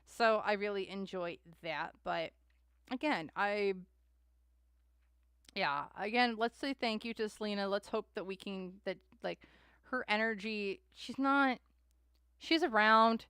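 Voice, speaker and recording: A woman's voice: mid-range voice, measured pace, pauses often, fairly bright tone, clear, resonant tone, dry recording, studio quality. A young adult woman hosting a live tarot stream, chatting with viewers in a rambling way and often laughing and sighing between thoughts.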